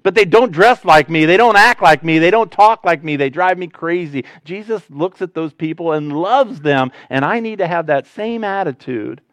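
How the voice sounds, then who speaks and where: Male pastor, sermon delivery, smooth clear tone, dry close sound, conversational with big swings from loud to hushed. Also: a little high, normal speed, few pauses, no room sound. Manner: conversational, animated preaching with sudden loud rises and quiet drops.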